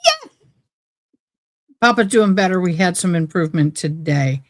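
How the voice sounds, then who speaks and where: A woman's voice: lowish voice, animated, normal speed, long pauses, no echo, studio quality. A woman chatting casually on a livestream in a folksy, rambling way. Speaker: livestream host.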